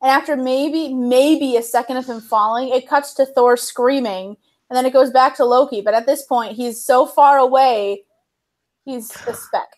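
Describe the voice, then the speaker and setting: Bubbly young woman co-hosting a stream, higher pitch, acts out quotes. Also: moderate pace. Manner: bubbly storyteller, laughs often, acts out quotes. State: chewing cookies. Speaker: livestream co-host. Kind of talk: casual chat while video editing.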